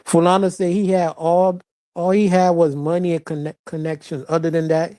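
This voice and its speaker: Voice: mid-range voice, little pitch movement, normal speed, warm tone, no room sound. A live-stream host in casual chat, reading out viewer comments and giving blunt opinions between laughs.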